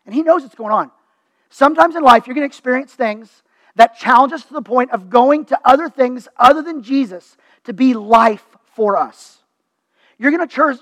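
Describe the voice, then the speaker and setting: High-voiced man preaching conversationally. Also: fairly bright tone, dry recording, low-quality recording. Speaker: pastor. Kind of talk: sermon.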